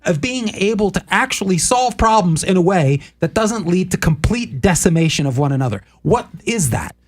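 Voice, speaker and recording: A man's voice: high-pitched, lively intonation, moderate pace. Preachy, emphatic talk-show host man. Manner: sermon-like, emphatic, lists words.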